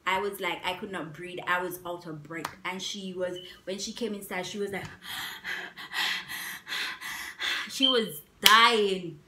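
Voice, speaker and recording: A young woman vlogger telling a story in a casual, animated way, repeating herself with emphatic asides. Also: lowish voice, fairly quick, hardly any pauses, a little hiss or hum. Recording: echoey room.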